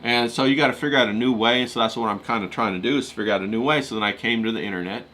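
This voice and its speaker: A man's voice: mid-range voice, racing, sharp tone. A middle-aged man in casual conversation, rambling and blunt, with lots of "you know" fillers and restarts. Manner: blunt, swears offhand. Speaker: podcast guest in a group chat. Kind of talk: casual chat.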